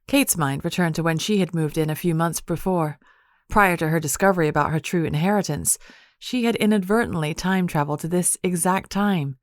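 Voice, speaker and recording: A woman reading an audiobook in even, measured narration. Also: fairly low pitch, no room sound, studio quality.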